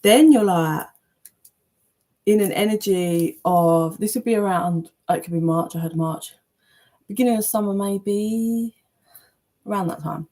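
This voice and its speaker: A woman giving a casual, chatty tarot reading, animated, with loose language and playful asides. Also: medium pitch, a little slow, pauses often. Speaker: tarot reader.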